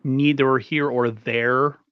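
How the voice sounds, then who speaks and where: A man hosting a casual sports talk show, an excited, fast-talking fan. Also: mid-range voice, clean tone, no echo, lo-fi sound. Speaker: podcast host.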